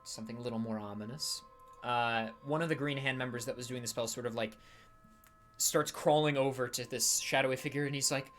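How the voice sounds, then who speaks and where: A man's voice: mid-range voice, fairly even intonation, a little fast, fairly bright tone, faint music behind. Casual male game master narrating. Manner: casual, loose, full of fillers.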